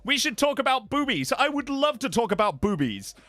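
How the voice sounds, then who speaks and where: A man's voice: extremely high pitch, sing-song, fairly quick, pushed and bright, dry recording. A British man chatting on a live stream in a playful, rambling way, often trailing off into mumbles. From Britain. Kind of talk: casual live-stream chat.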